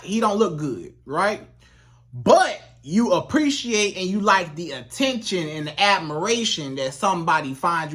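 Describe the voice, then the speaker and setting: Dating coach, casual advice talk, emphatic, repetitive, direct to viewer, mid pitch. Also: bright, forceful tone. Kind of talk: casual advice monologue to camera.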